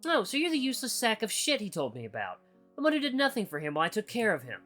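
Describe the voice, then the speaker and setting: A man's voice: wildly swooping pitch, fast, sharp tone, faint music behind, heavily acted. A man voicing a bitter, possessive male ex-partner in a visual novel, whining and accusing in a raised voice. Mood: spiteful, furious. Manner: whiny, accusing, raised pitch.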